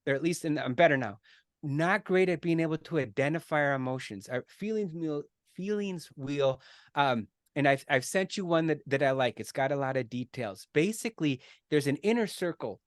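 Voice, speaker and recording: In a studio-quality recording with no echo, a middle-aged podcast guest speaks in a fairly high voice. His explanation is earnest and conversational, punctuated by frequent "right?" check-ins and restarts.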